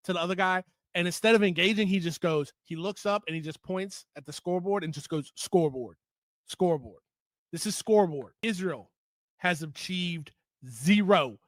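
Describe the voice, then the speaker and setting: A man's voice: sits high, sharp tone, no room sound. A man giving an opinionated political commentary monologue, heated and emphatic, repeating points for stress.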